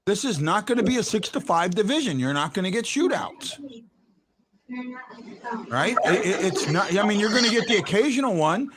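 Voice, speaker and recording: Emphatic, stammering sports-talk host. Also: male voice, high-pitched, very animated, normal speed, a bit bright, slight background noise. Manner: stammering restarts, emphatic when arguing a point. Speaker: postgame show host.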